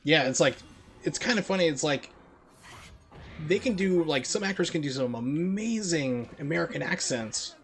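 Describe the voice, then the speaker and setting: A man's voice: a little high, expressive, normal speed, gravelly, fairly bright tone, a little hiss or hum. A young man chatting casually and rambling while he plays through a speedrun on a live stream. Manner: rambling, heavy on "like" fillers.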